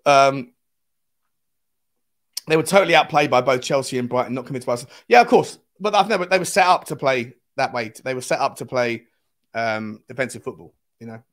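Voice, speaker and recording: A man's voice: mid-range voice, expressive, fairly quick. A man, hosting a casual live fan stream, chatting and greeting viewers by name as he reads the chat aloud.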